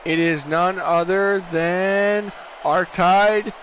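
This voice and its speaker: A man's voice: high voice, steady tone, extremely slow, fairly bright tone, slight background noise. Tired man calling a sim race. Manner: casual, rambling, stops to correct himself. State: tired, yawning. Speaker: race commentator. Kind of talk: sim racing commentary on a stream.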